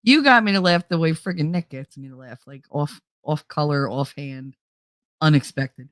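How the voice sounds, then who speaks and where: A woman's voice: deep voice, moderate pace, no room sound, clean studio sound. A middle-aged woman hosting her own show, chatting casually with viewers, laughing often and swearing freely. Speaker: host.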